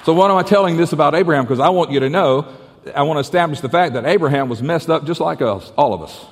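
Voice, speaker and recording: A man preaching a sermon, earnest and repetitive, dropping to softer tones as he tells a parable. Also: a little high, animated, fast talker, breathy edge, a faint crowd. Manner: earnest, repeats and restarts, drops to soft tones for the story. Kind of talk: sermon with storytelling. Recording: reverberant church hall.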